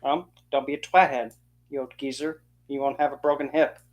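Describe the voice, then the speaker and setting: An occult channel host delivers a ranting opinion monologue in a mid-range voice, fired-up, indignant, and sarcastic, with brisk, lo-fi sound. The speaker shifts between frank, steady talk and mocking impressions of the people being criticized, quoting them in put-on voices.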